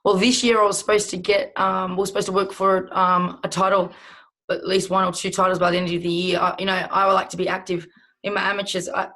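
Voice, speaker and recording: A woman's voice: mid-range voice, flat delivery, fast, sharp tone. A young adult woman with an Australian accent, a professional boxer talking casually in an interview, rambling and swearing freely.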